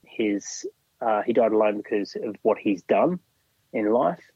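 A man's voice: fairly low pitch, expressive, unhurried, mellow, breathy edge, dry recording. A man, a podcast guest, telling a story in casual conversation and often acting out what other people said. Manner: recounts events animatedly, often acting out others' words. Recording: dull lo-fi recording.

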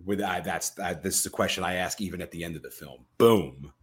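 A podcast co-host with a low-sitting voice and brisk delivery retells a film scene by scene. He's an animated storyteller who acts out the quoted lines with plenty of energy.

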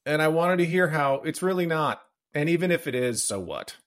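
A man hosting a podcast, speaking reflectively and haltingly with many fillers in casual interview chat. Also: on the high side, lively intonation, fairly bright tone. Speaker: podcast host.

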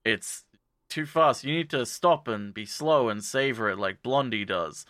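Bright, animated man recapping anime. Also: dry recording, studio quality. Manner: acts out characters in quick quoted voices, jumping up in pitch. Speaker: podcast co-host recapping anime. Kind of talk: casual comedic recap.

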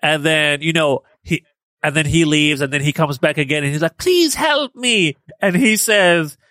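A man's voice: fairly high pitch, moderate pace, dry recording. A man co-hosting a podcast, casually agreeing and retelling scenes in an easygoing chat. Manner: relaxed, agreeable, recounts scenes with quoted lines. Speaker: podcast co-host.

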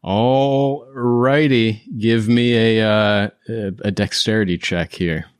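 A man's voice: fairly low pitch, fairly even intonation, slow pace, clean tone. A man running a tabletop game as game master, explaining rules casually with some swearing.

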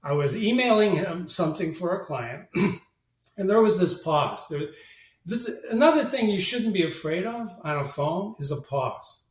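Brief: high-pitched man, lively storyteller, roomy sound from off-mic. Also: moderate pace, distant mic. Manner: animated storyteller, acts out quoted voices. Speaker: guest, marketing agency president. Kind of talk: storytelling interview talk.

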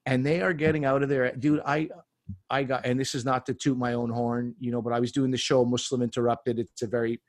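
A man in mid-range pitch spins comic stories in a relaxed podcast chat, slipping into little acted-out voices for the people he quotes. The sound is close and dry, with no room around it. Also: fairly quick, dry recording. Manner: animated anecdotes with acted-out quotes. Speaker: comedian guest. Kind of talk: casual storytelling chat.

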